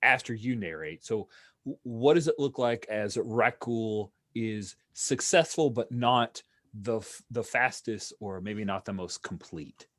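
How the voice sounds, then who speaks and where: Slow-talking low male game master. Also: dry recording, studio quality. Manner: relaxed, chatty, with hesitations. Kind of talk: running a tabletop role-playing game.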